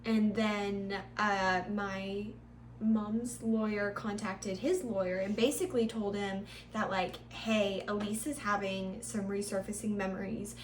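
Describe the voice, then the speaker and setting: A young woman co-hosting a podcast, telling a personal story earnestly in short, halting phrases. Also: mid-range voice, fairly even intonation. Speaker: podcast co-host. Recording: distant mic in an echoey room, faint hum.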